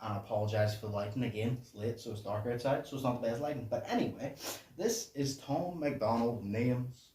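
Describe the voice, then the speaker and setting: A man hosting a reaction channel, chatting casually and profanely in a low voice while he explains song lyrics. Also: a little fast, mellow. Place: home room at night. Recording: echoey room, distant mic, faint noise.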